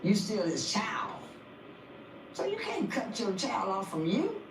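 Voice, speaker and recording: A woman's voice: mid-range voice, wildly swooping pitch, slow. An older woman, a guest on a podcast, giving an emotional testimony about her family and repeating phrases like a preacher. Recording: echoey, distant, faint noise.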